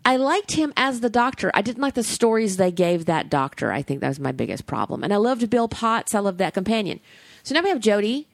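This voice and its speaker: A woman co-hosting a podcast in casual chat, gushing and animated, swearing freely. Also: medium pitch, a little fast, vocal fry, no echo. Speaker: podcast co-host.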